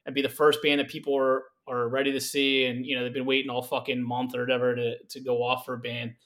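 A man as a guest in a casual podcast chat, relaxed and swearing casually. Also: medium pitch, fast talker.

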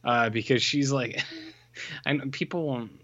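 A man's voice: medium pitch, unhurried, sharp tone, no echo, lo-fi sound. A man co-hosting a podcast, recapping a film in a rambling, blunt, profane way with lots of fillers. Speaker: podcast co-host. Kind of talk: casual film recap chat.

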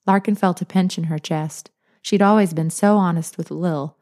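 A woman narrating a novel as an audiobook, in a calm, even manner. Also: on the low side, moderate pace. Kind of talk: scripted narration.

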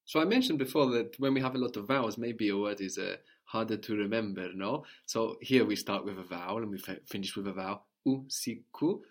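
A man teaching a language lesson, repeating each answer back slowly and checking understanding with a questioning "no?". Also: lowish voice.

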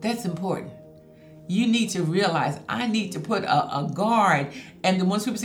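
A woman's voice: lowish voice, lively intonation, moderate pace. A woman preaching a sermon, reading scripture and saying hallelujah often. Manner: emphatic preaching, reads scripture, frequent hallelujahs. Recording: echoey room with faint music. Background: faint music.

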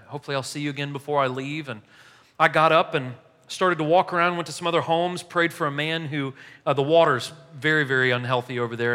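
A man preaching a sermon, telling a story in a casual, animated way and laughing along as he goes. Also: on the high side. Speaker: pastor. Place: church hall. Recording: echoey hall.

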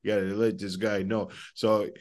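A man's voice: lowish voice, normal speed. Laughing, swearing man telling stories. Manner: laughing, animated storytelling, heavy swearing. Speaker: podcast co-host. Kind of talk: casual chat.

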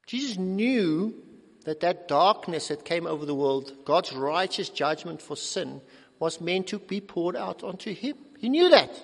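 A middle-aged male pastor delivers a sermon in a fairly high voice with a gravelly edge. He acts out quotations with sudden swings from loud to soft. The sound carries the long reverb of a large church hall. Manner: animated, acting out quotes with big swings in loudness.

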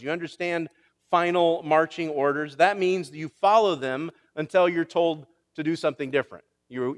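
A man's voice: fairly high pitch, in a large hall. A male pastor preaching a sermon, driving his points home with repetition and rising emphasis.

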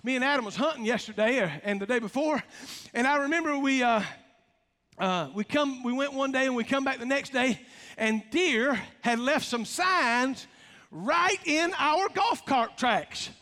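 A pastor delivers a folksy, emphatic sermon, joking and calling out to his congregation. His voice is extremely high-pitched with a sharp tone and moderate pace, and the recording carries the long reverb of a large hall.

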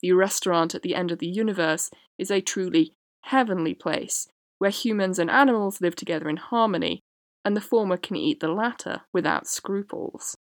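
Woman reading her podcast essay, measured, fairly low voice, dry sound. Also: lively intonation, dry recording. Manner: measured, reading prepared text with quotes. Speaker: podcast host. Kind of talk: scripted essay narration.

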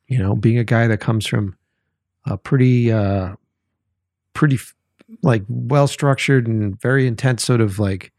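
A man's voice: medium pitch, vocal fry, a little mellow, no echo, clean studio sound. A man hosting his own podcast, chatting casually in a rambling, profane way full of fillers. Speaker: podcast host. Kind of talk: casual solo podcast chat.

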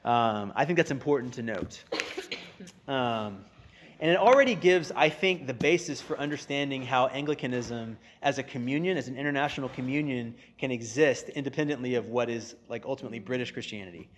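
A man's voice: medium pitch, fairly quick, slight background noise. A man from the United States, a guest explaining church history in casual, chatty talk full of fillers, who acts out quoted speech as he goes.

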